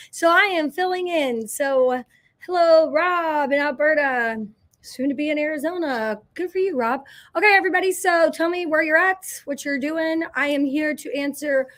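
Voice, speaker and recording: Woman host, middle-aged, high bright voice, chatty and effusive live-stream chat, greeting viewers one by one. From Indiana, USA. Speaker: company president hosting a live Q&A.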